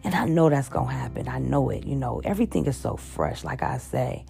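A woman hosting a podcast, talking haltingly and with heavy emotion, repeating words and using many fillers, in a personal confessional monologue. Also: rumbling low, very animated, vocal fry, mellow. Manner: heavy-hearted, openly emotional. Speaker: podcast host. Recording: music playing underneath.

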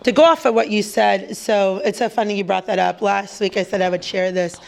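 A woman, a church staff pastor telling a personal story in a casual chat, lively and quick to act out voices. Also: mid-range voice, creaky. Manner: lively storyteller, acts out quoted voices, laughs often.

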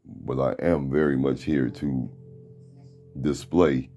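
Very deep gravelly man, blunt and profane. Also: steady tone, slow pace, dark tone, highs cut off, soft background music. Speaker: podcast host. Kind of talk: motivational monologue. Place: room at home.

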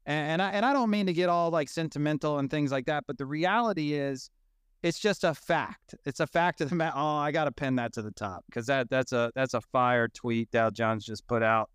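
A man's voice: fairly high pitch, normal speed, a bit bright, clean tone, dry recording, clean studio sound. A man in his thirties hosting a casual audio chat, telling stories animatedly and swearing freely. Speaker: host.

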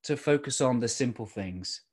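A middle-aged man giving an earnest motivational talk as a podcast host, slowing down to stress key phrases. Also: medium pitch, husky.

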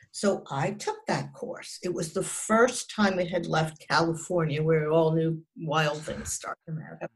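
A woman in her sixties, a psychotherapist, telling a personal story as an interview guest in an earnest, emphatic way, often restarting and dropping her voice at grim moments. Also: on the low side.

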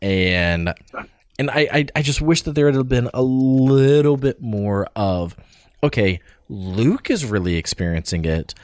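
A man's voice: medium pitch, lively intonation, unhurried, darkish tone, no room sound, clean studio sound. A man co-hosting a podcast, chatting casually about a film he saw, rambling with restarts and fillers. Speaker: podcast co-host. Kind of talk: casual film review chat.

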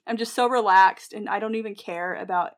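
A woman's voice: medium pitch, brisk. A young adult woman co-hosting a casual podcast, telling stories in a chatty way, acting out quotes and laughing often. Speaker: podcast co-host, nurse.

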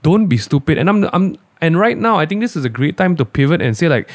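A man's voice: a little high, very animated, fast, few pauses, dry recording. A man co-hosting a casual podcast, speaking bluntly and animatedly with strong opinions. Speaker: podcast co-host.

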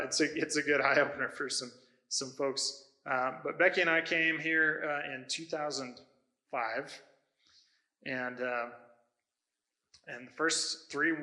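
Pastor, male, preaching. Bright, forward tone; conversational, stops and restarts mid-sentence. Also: mid-range voice, poor audio. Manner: conversational storytelling with self-corrections. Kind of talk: sermon.

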